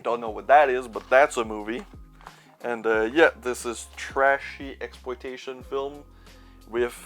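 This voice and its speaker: A man's voice: mid-range voice, fairly even intonation, measured pace, a bit bright, faint music behind. Rambling, sarcastic young man. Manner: rambling, sarcastic, swears casually. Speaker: YouTuber reviewing his movie collection. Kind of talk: casual chat.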